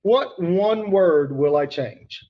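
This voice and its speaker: A man's voice: high-pitched, animated, slow pace, highs cut off. A man teaching grammar to students online, emphatic and repeating key points, calling on students by name.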